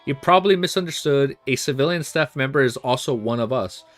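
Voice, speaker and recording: A man reading a calm, aloof church agent. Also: mid-range voice, fairly quick, soft background music, lightly acted. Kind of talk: reading a novel aloud.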